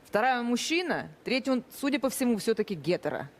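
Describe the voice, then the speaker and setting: A woman's voice: a little high, very animated, fast talker, slight background noise. A woman pundit on a TV talk show, making her case emphatically and counting off her points one by one. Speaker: state TV pundit.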